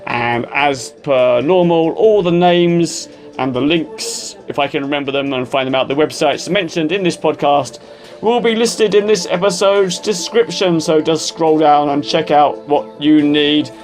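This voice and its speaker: A man's voice: a little high, measured pace, faint music behind. A man hosting a podcast interview, chatting casually and rambling with self-deprecating asides. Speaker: podcast host.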